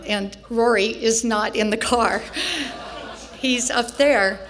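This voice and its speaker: An older woman telling a funny personal story on stage before an audience, wry and self-mocking, laughing now and then. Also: fairly high pitch.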